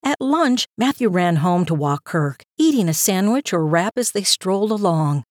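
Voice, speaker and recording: A woman reading a story aloud in a calm, even storytelling manner with a gentle lilt. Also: on the low side, moderate pace, no echo, clean studio sound. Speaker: narrator. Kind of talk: scripted story narration.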